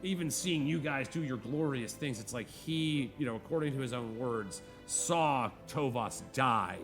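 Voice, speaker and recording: A man's voice: mid-range voice, expressive, measured pace. Laid-back male game master, music behind. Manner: casual, filler-heavy narration. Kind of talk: narrating a tabletop game.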